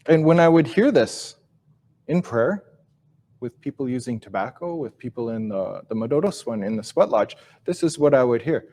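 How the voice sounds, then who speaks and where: An Ojibwe language teacher and speaker gives a live teaching talk, telling a story in an animated, mid-range voice. He speaks slowly and reflectively, repeating and restarting phrases as he searches for words, and his sentences trail off softly at the ends.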